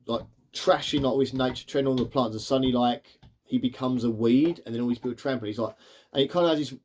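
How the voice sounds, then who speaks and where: Casual male reviewer, rapid and rambling, average pitch. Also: darkish tone. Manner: rambling, leans on fillers like "sort of" and "like". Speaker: cartoon reviewer.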